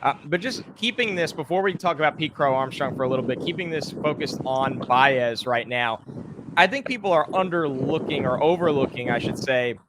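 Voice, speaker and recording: A man hosting a casual sports talk show, with an upbeat, quick delivery. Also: on the high side, animated, background noise. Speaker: podcast host.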